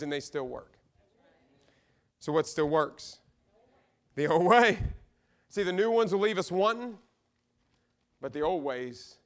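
High-voiced Midwestern pastor preaching with passion. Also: male voice. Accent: Midwestern American. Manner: impassioned, swings between loud emphatic repeats and hushed asides. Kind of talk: sermon. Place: church sanctuary.

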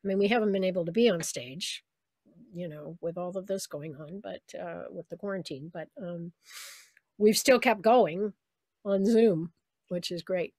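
A woman voice actress chatting on a video call, telling lively stories about her work and slipping into the voices of people she quotes. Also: lowish voice, normal speed, dry recording, clean studio sound. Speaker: voice actress guest. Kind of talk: casual interview on a video call.

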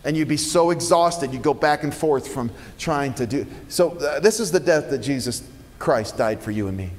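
A pastor preaching a sermon in a church, earnest and emphatic with dramatic pauses. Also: male voice, a little high, big-room sound. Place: church sanctuary.

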